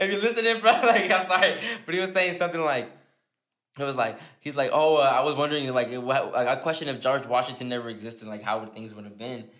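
Fast-talking man telling a rambling story. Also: mid-range voice, a bit bright, reverberant. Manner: rambling storyteller, many restarts and laughs. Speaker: podcast host. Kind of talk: casual podcast chat.

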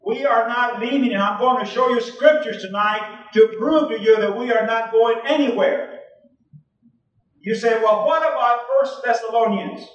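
A man's voice: very high voice, moderate pace, highs cut off. A man preaching a sermon as pastor, emphatic, reading scripture aloud to his congregation. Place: church. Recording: echoey, distant 1980s church recording.

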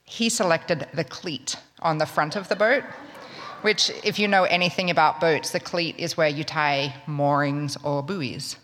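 A woman tells a story to a live audience in a wry, chatty manner. Her voice sits on the low side. The sound carries a long hall reverb. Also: a little slow, a bit bright, a little hiss or hum. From Australia. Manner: wry, conversational, self-mocking.

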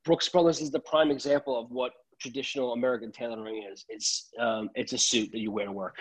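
Fast-talking husky New man. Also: mid-range voice, fairly even intonation, low-quality recording. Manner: fast, rambling, restarts sentences. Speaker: tailor. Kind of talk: casual podcast chat.

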